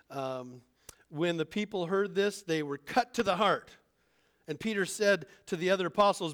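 A man's voice: fairly high pitch, animated, moderate pace, a bit bright. A man teaching a Bible lesson in an informal sermon style, talking conversationally and acting out the people he quotes. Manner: conversational, acts out quoted voices.

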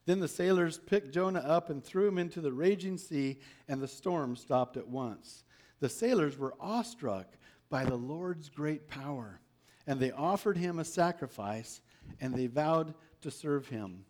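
A man's voice: a little high, animated, measured pace, darkish tone. A man preaching a sermon, reading a Bible story aloud and asking his listeners rhetorical questions.

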